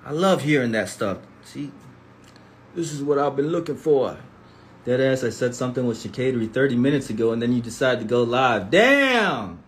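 Speaking into a phone at normal speed, a man with a medium-pitched voice hosts a laid-back livestream, reading out viewer comments and firing back animated, slangy, profane replies. There's a little hiss or hum in the audio.

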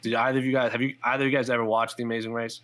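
A man's voice: mid-range voice, level tone, racing, fairly bright tone. A man hosting a fight podcast, talking loosely with lots of fillers. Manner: conversational, loose, frequent "like" fillers. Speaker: podcast host. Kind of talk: casual chat.

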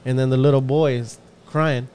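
A man's voice: mid-range voice, fast talker, darkish tone. A man with a Texan accent telling a long story in a casual podcast chat, acting out quotes and swearing freely. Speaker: podcast co-host. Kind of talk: casual storytelling among friends.

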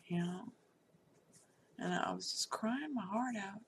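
A woman's voice: medium pitch, measured pace, gravelly, long pauses, slight background noise. A middle-aged woman telling a personal story candidly and bluntly, swearing freely.

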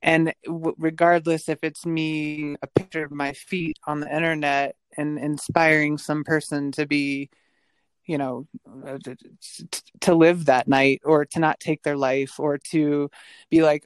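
This podcast guest is a woman whose low voice barely moves in pitch as she talks at an unhurried pace. The tone is clean with no room sound, and in this relaxed, reflective interview she answers earnestly, restarting sentences and laughing between ideas.

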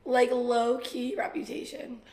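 Hoarse, higher-pitched woman co-host, rambly and giggly, echoey room. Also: steady tone, measured pace, darkish tone. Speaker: podcast co-host. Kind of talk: casual chat.

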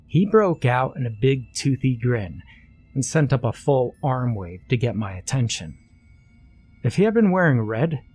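A man's voice: mid-range voice, a little mellow. Man narrating a creepy story. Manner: conversational, with casual asides.

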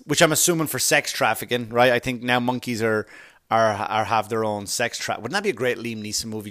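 Profane rambling male podcast host. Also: medium pitch. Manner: profane, rambling, sarcastic, with bursts of loud exasperation. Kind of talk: casual comedic storytelling.

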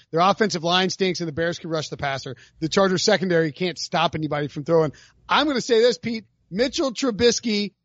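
A man's voice: high voice, no room sound, dull audio. A man hosting a sports betting podcast, talking in an emphatic, ranting, hyperbolic way. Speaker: podcast host.

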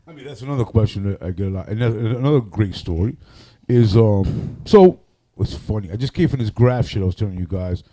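A man, a radio personality and MC, telling loud, animated stories on a podcast and swearing often. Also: fairly low pitch, brisk. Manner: animated, loud, acts out other people's voices, swears often. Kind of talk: casual storytelling on a podcast.

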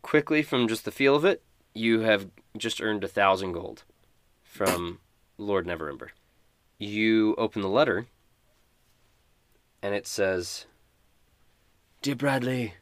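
A man's voice: fairly low pitch, unhurried, pauses often, a bit bright, no echo. Guy game master narrating, laid back, dry close sound.

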